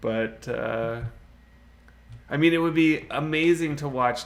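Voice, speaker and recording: A man's voice: a little high, takes it slowly. A man chatting casually on a game live stream, rambling, laughing often and answering viewers' chat. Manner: laughs often, with many fillers like "you know".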